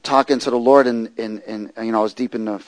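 A man preaching and telling his testimony, moving from loud preaching to hushed storytelling. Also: medium pitch, fairly even intonation, quick pace, no room sound, low-quality recording.

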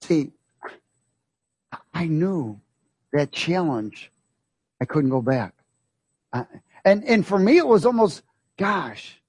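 Husky-voiced preacher, emphatic and repetitive. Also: male voice, fairly high pitch, big pitch swings, slow pace, long pauses, darkish tone, dry recording. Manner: emphatic, rhetorical questions to the congregation; repeats phrases for emphasis. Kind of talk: sermon.

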